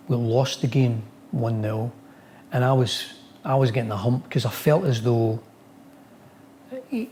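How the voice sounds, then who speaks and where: A former footballer telling dressing-room anecdotes in an interview. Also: male voice, medium pitch, dark tone, slight background noise. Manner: storytelling, acts out quotes.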